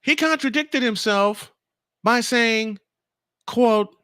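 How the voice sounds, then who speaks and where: A male morning-show host in a heated on-air rant, speaking straight to a critic and hammering his points through repetition. His voice sits a bit high and sounds bright and sharp. It swings widely in pitch, and the sound is dry and close. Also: animated, slow pace, smooth, dry recording. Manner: confrontational, addresses a critic directly and reads comments aloud; emphatic, repeats phrases for effect.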